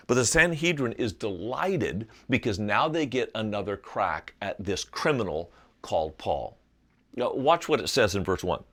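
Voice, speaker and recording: A middle-aged man with a fairly low voice leads a Bible class on video. His pitch swings widely as he tells the story and explains it with animation. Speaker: Bible college teacher. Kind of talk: video Bible lesson lecture.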